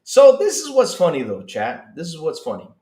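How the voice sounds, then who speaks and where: Excitable man streaming to chat. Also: a little high, moderate pace, roomy sound. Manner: excitable, mock-outraged, talks to chat. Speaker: streamer host. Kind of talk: casual live-stream reaction.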